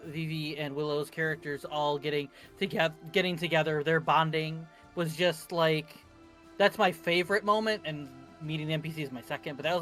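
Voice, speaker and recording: A man's voice: a little high, pushed and bright. A man chatting casually after a tabletop game session over a voice call, rambling with many fillers and self-corrections. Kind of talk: casual post-game chat. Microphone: computer mic on voice call.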